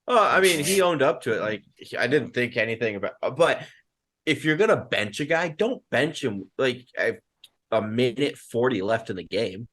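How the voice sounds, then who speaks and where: A man's voice: medium pitch, lively intonation, normal speed, fairly bright tone. A young man giving blunt opinions in casual podcast banter. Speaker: podcast co-host.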